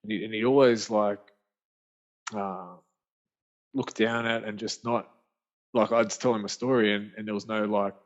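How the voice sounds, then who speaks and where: A man tells his own story as a podcast guest, slangy and animated, acting out what his friends said. His voice sits low. The recording is muffled and lo-fi. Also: normal speed, pauses often. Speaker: podcast guest, author and speaker. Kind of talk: storytelling in casual conversation. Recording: muffled lo-fi audio.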